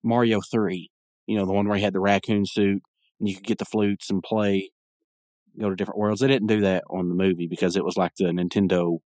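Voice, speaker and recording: A young man recaps a cartoon episode on his podcast, rambling casually and laughing as he acts out scenes in this solo commentary. He speaks briskly in a low, level, darkish voice, with clean, dry studio sound.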